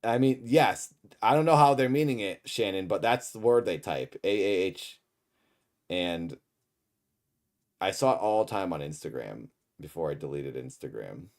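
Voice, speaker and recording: A man whose voice sits low and sounds expressive hosts a casual livestream at a moderate pace, reacting to a show. He wanders from topic to topic, jokes and reads chat messages out loud.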